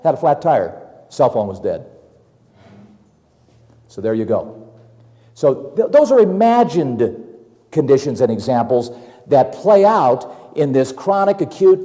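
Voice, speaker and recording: A man's voice: on the high side, warm tone, in a large hall. A middle-aged man preaching a sermon in a folksy way, acting out worried voices and chuckling at his own examples.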